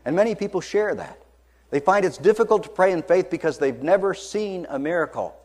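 A man preaching a sermon, telling a story dramatically, moving between hushed lines and loud, high passages. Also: expressive, fairly quick. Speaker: pastor.

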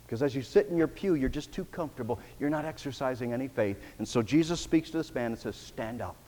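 A man preaching a sermon as pastor, emphatic, swinging between loud declarations and quiet, intimate passages. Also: medium pitch, animated, fast talker, in a large hall.

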